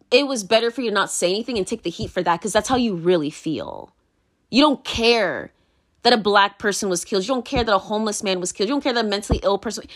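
Rambling, heated woman ranting. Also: mid-range voice. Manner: rambling, heated, profane, many "like" fillers. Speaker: vlogger. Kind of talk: unscripted opinion rant.

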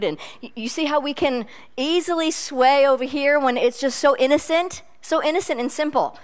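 A woman's voice: high voice, moderate pace, hardly any pauses. A middle-aged woman preaching a sermon in a chatty, self-deprecating storytelling way.

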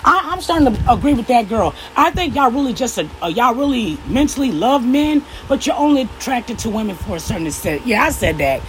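A young woman on a fired-up rant, swearing freely and calling out her listeners head-on. Her voice sits a little high and swings widely up and down as she presses each point. A faint hum of noise runs underneath. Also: very animated, a little fast, few pauses, poor audio. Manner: blunt, profane, confrontational. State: upset. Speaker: vlogger. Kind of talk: heated opinion rant to camera.

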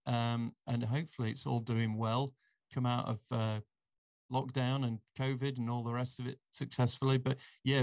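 Hesitant male podcast host. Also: medium pitch. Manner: rambling, hesitant, with many fillers. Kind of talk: casual chat.

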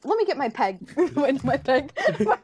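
Woman, podcast co-host, giggly and animated in casual chat. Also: high-pitched, normal speed, a little hiss or hum. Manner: giggly, animated, reads lists aloud.

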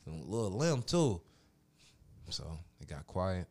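A man telling a long profane story in casual chat, animated and mimicking other people's voices. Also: deep voice, a little slow.

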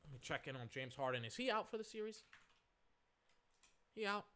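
A hoarse young man giving casual, rambling live commentary on a basketball game, full of fillers and swearing. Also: fairly high pitch, animated, a little fast, pushed and bright.

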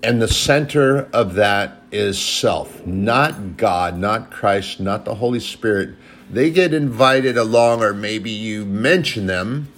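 A man's voice: lowish voice, expressive, takes it slowly, fairly bright tone, a little hiss or hum. A man giving an informal sermon in an earnest, plain-spoken way, turning sharply scolding at times.

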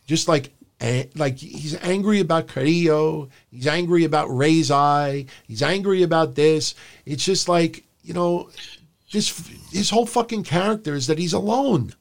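A man's voice: fairly high pitch, unhurried, vocal fry. A man co-hosting a wrestling podcast, ranting bluntly and sarcastically with casual swearing. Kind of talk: casual opinionated podcast commentary.

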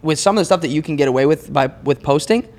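A man's voice: fairly high pitch, quick pace, a little mellow. Fervent man rallying podcast listeners. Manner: fervent, exhorting, repeats words for emphasis. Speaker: podcast co-host. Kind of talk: faith podcast discussion.

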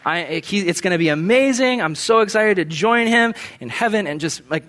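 A young man delivers a sermon in a relaxed, conversational way, telling stories with sudden shouted bursts. His voice sits high for a man. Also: normal speed. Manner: animated storyteller, shouting bursts. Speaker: pastor.

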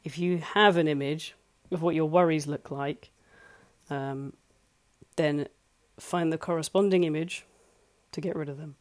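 In a solo advice talk recorded in a home flat, a life coach speaks earnestly and conversationally and repeats points for emphasis. The mid-range voice stays steady in tone and unhurried.

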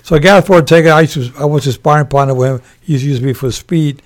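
An older man, a former boxer and referee, telling animated stories with laughter in an interview. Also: a little high, quick pace. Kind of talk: storytelling in a podcast interview.

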